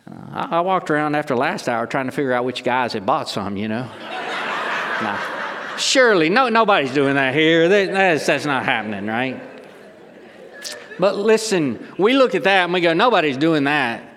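A man's voice: on the high side, big pitch swings, normal speed, in a large hall, noisy background. A middle-aged man, a pastor, delivering a sermon emphatically, with rhetorical questions and restarts.

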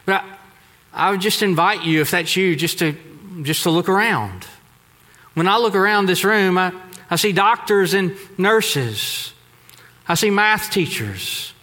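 A man from Texas preaching a sermon to a congregation, telling a story with emphatic turns and sudden soft drops. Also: sits high, lively intonation, a little slow. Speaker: pastor. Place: large church hall. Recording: echoey hall.

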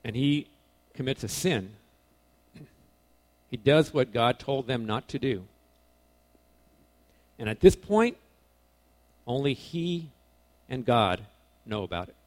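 A man giving a relaxed, conversational sermon to a young crowd. His voice sits at a middle pitch, jumping from loud, stressed points to hushed asides. He talks informally and corrects himself mid-sentence. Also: slow pace, long pauses. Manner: animated, swings between loud emphasis and quiet asides; casual, self-correcting, informal phrasing. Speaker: preacher.

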